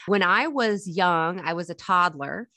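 A young adult woman co-hosting a family podcast, chatty and quick to giggle. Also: fairly low pitch, sharp tone, no room sound. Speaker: podcast co-host. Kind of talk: casual family podcast chat.

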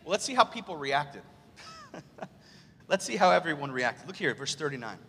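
Male pastor, excitable sermon delivery, husky tone, churchy hall echo. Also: on the high side, normal speed. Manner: excitable, animated preaching. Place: large church sanctuary. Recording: long church hall reverb.

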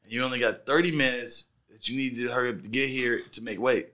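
A middle-aged man on a casual podcast, telling his fight stories with animated energy and plenty of swearing. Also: mid-range voice, fast talker. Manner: animated storyteller, heavy swearing.

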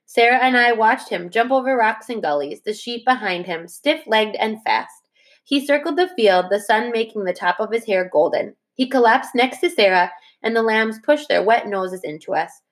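A woman teacher reading a chapter book aloud to her class, in a steady, plain way that stops to correct its own slips. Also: on the high side, normal speed.

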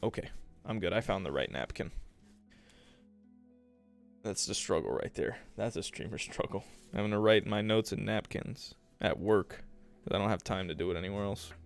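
A man's voice: on the low side, moderate pace, gravelly, faint music behind. A young man hosting his own podcast, chatting casually and rambling through stories with frequent laughs and self-deprecating asides. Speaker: podcast host and streamer. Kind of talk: casual solo podcast chat.

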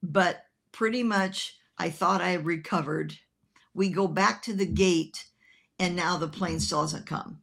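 A woman minister telling an animated personal story in a sermon, laughing as she talks. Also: fairly low pitch, measured pace, gravelly.

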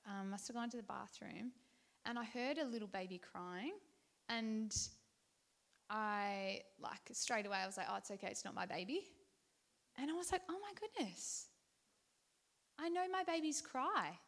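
A woman's voice: fairly high pitch, fairly bright tone. A woman giving a devotional talk, telling a personal story in a conversational, heartfelt way with fillers and restarts. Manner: earnest and heartfelt. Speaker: Christian speaker.

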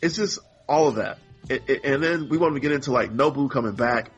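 Podcast co-host, male, husky rambling rant, muffled lo-fi sound. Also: mid-range voice, brisk, soft background music. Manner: rambling, exasperated, quotes characters in mock voices. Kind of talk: casual podcast chat.

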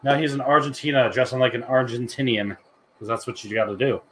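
A man's voice: mid-range voice, fairly even intonation, fast, crowd noise. A man co-hosting a podcast, giving a crude, joking running commentary while watching a film. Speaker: podcast co-host. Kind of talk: casual movie watch-along chat.

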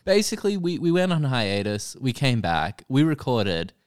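A man's voice: mid-range voice, sing-song, moderate pace, smooth, no echo, clean studio sound. A young man co-hosting a casual podcast, joking bluntly and swearing often. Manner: swears a lot, jokey and blunt. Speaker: podcast co-host. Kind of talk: casual chat.

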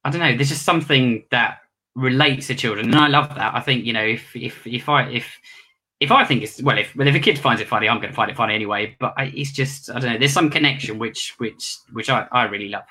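A ventriloquist talks casually about his work in a bright, forceful voice. He rambles and restarts his sentences often, as if thinking aloud. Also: mid-range voice, fast talker, slightly rough. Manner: rambling, with many restarts and self-corrections. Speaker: ventriloquist and magician. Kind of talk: casual interview answers.

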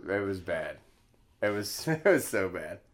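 A young man casually telling his life story as a podcast guest, laughing often and swearing freely. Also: low-pitched.

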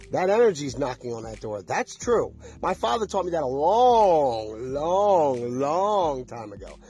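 Emphatic, high-voiced man monologuing. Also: a little mellow. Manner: emphatic, repetitive, preachy, asks the audience questions. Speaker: vlogger. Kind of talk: casual monologue to camera.

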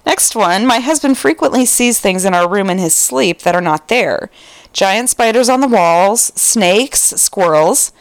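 A woman's voice: mid-range voice, expressive, a little slow, no room sound. A woman co-hosting a podcast, casually reading out listener stories and laughing between them. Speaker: podcast co-host.

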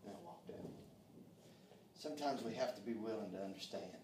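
A pastor with a lowish voice preaches a sermon briskly, folksy and fervent, peppered with frequent amens. He sits far from the mic, so the sound echoes around the room over a noisy background.

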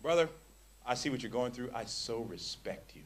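A preacher acting out an overly tender male churchgoer who speaks softly and sweetly. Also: medium pitch, expressive, moderate pace, voice pushed down, close to an everyday voice. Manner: soft, hushed, syrupy.

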